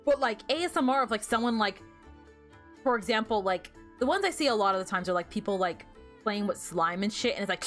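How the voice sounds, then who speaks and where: A woman's voice: mid-range voice, fairly quick, a bit bright, soft background music. A young woman streaming a game, chatting casually and giggling, with lots of fillers as she rambles. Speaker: VTuber streamer. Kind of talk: casual gameplay stream chat.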